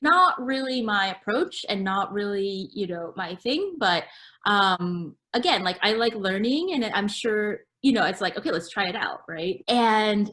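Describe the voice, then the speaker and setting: A woman founder chatting in an interview, full of fillers and restarts, acting out quoted dialogue with sudden lively jumps in pitch. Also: a little slow. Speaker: guest, apparel brand founder. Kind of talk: casual interview chat.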